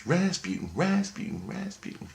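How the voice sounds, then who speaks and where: A man voicing a high, eerie inner voice that chants a name in a fading whisper. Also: very animated, moderate pace, gravelly, roomy sound, full character voice. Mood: eerie chanting.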